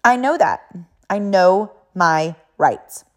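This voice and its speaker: A woman's voice: fairly low pitch, lively intonation, slow. A middle-aged woman, a mother, telling a personal story in an emphatic, repetitive way.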